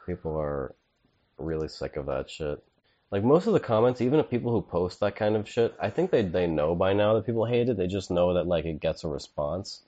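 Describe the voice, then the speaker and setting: A man's voice: sits low, warm tone, highs cut off, slight background noise. A man co-hosting a comedy podcast, laid-back and riffing, saying "dude" a lot. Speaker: podcast co-host. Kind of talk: casual comedic chat.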